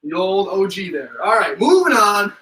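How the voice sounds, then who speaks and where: A man's voice: sits high, very animated, moderate pace, pushed and bright, reverberant, recorded from a distance, poor audio. A young man leading a live-streamed home workout as a fitness instructor, counting reps aloud and joking between sets.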